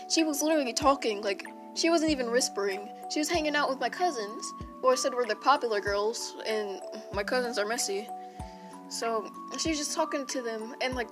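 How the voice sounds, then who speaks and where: A young woman telling an unscripted personal story in a rambling, self-interrupting way, with casual slang. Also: fairly high pitch. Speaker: storytime vlogger. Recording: music playing behind.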